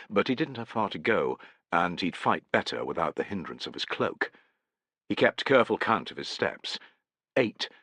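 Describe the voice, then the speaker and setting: Deep-voiced male audiobook narrator. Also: a bit bright, no echo. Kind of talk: scripted narration.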